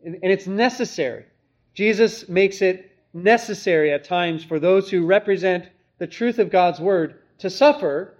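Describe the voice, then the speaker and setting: A man's voice: high voice, a little mellow, dull audio. A man preaching an expository sermon, earnest and emphatic, often asking rhetorical questions. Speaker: pastor.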